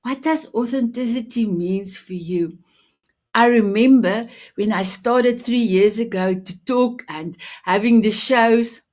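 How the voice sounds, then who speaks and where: A woman in her fifties with a non-native English accent, hosting a talk show with effusive, direct warmth toward her audience. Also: on the high side, slow. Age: 50s. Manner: effusive, addresses audience directly, leads breathing exercise. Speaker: show host. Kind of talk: enthusiastic talk show opening.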